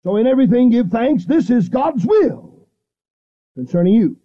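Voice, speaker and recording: Middle-aged male radio evangelist, high voice, emphatic repetitive delivery, muffled vintage broadcast quality. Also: sing-song. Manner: fervent, repetitive preaching with emphatic pauses. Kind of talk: radio sermon. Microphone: studio microphone, seated.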